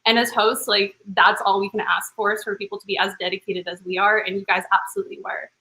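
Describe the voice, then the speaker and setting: A woman host speaks earnest, heartfelt thanks to her players with easy casual fillers. Her voice is bright and mid-pitched, coming through a video call. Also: level tone, fast talker, poor audio. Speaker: game host. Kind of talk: closing thank-you address.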